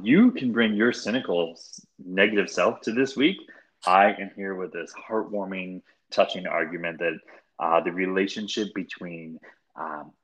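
Male podcast co-host, deep husky voice, chatty and halting. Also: a bit bright, dull audio. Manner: chatty, hesitant with many fillers. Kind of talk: casual podcast chat.

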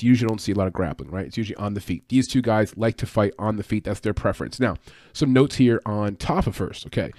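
A man's voice: on the low side, a little mellow, no room sound, clean studio sound. A man hosting a show on fight betting, talking through picks in a casual, chatty way and correcting himself as he goes. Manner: fast, chatty, with fillers and self-corrections. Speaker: MMA betting podcast host. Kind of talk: casual fight-pick analysis.

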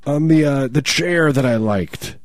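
A man voicing a revived old grandmother, high and slowed down. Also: animated, no echo, clean studio sound, natural voice. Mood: croaky demand.

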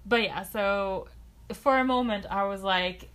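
A woman's voice: medium pitch, a little slow, fairly bright tone, smooth. A woman co-hosting a podcast in casual chat, rambling and hesitant as she works out her thoughts. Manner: rambling, hesitant, fillers and restarts. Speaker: podcast co-host.

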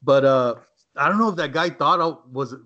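A man's voice: on the high side, normal speed, pushed and bright. Profane, rambling man telling a story. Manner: rambling, profane, many fillers like "man" and "right?". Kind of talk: casual storytelling among friends. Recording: dull lo-fi recording.

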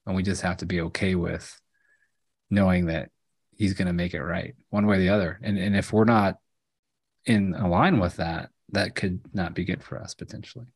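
Man, very low voice, gravelly, husky tone, relaxed podcast co-host, laughs often. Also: moderate pace, dry recording, clean studio sound. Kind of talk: casual faith discussion and spontaneous prayer.

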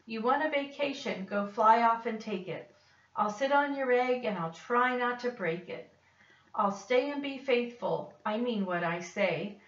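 A woman voicing a gentle, faithful male elephant in an earnest, steady storybook voice. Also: fairly high pitch, measured pace. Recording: dull, roomy, distant recording.

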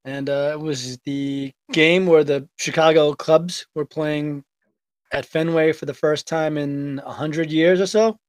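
Higher-pitched Boston man, swearing freely. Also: fairly even intonation, a little slow, dry recording. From Revere, Massachusetts. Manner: swears freely, tells stories. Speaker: podcast co-host. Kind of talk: casual chat.

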